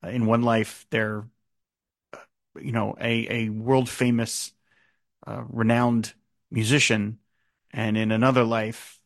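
A man's voice: lowish voice, little pitch movement, slow, vocal fry, pauses often, no echo, studio quality. A man in his fifties hosting a podcast, musing casually about a song with many fillers and restarts. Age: 50s. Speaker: podcast host.

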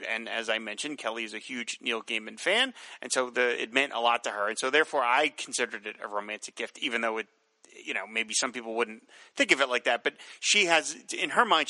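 A man co-hosting a casual podcast, reading listener mail with relaxed, dry jokes. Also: mid-range voice, fast, no room sound, low-quality recording. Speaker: podcast co-host.

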